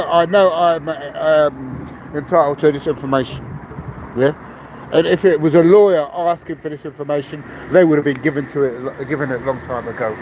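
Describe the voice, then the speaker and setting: A man with a Cockney accent from London, ranting loudly and aggressively, swearing and firing off repeated rhetorical questions into a camera. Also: on the high side, a little hiss or hum, poor audio. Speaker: vlogger. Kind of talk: angry ranting monologue. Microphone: handheld camera.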